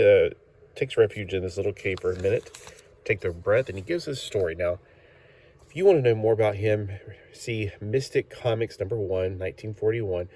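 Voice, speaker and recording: Man, deep low voice, casual comic book review, rambling, lots of fillers and self-corrections. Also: mellow.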